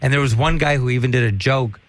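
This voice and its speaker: A man's voice: medium pitch, fast talker, no room sound. A man, a stand-up comedian, telling rambling, profane stories in casual chat.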